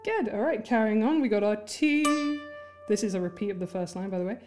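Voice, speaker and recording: A woman gives a friendly, encouraging instrument lesson, counting beats and chanting rhythms as she goes. Her voice sits in a middle register. Plucked strings ring clearly beneath her words. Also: medium pitch, lively intonation, fairly quick. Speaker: music teacher. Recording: music playing under the voice.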